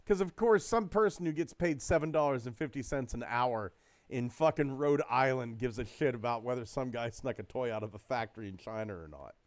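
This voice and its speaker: A man's voice: mid-range voice, lively intonation, no room sound. A man co-hosting a casual chat podcast, ranting and mocking with plenty of swearing. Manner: profane, ranting, quick to mock. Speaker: podcast co-host.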